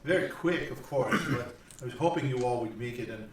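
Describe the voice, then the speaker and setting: A man voicing a kindly older male village priest, gentle, earnest and halting. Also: medium pitch, over a noisy crowd, lightly acted. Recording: echoey room from far off.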